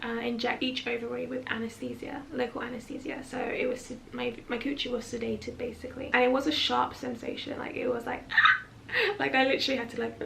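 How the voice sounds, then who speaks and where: A woman's voice: a little high, gravelly, a little hiss or hum. A woman vlogging, telling a personal story in a frank, chatty and dramatic way, often laughing. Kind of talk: candid storytelling vlog.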